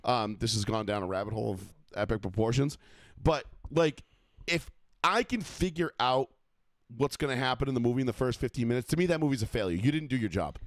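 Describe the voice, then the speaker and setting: A man's voice: mid-range voice, a little fast, no echo. Blunt, swearing male co-host with a dry, close sound. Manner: blunt, swears freely, ranting storyteller. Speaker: podcast co-host. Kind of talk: casual profane chat.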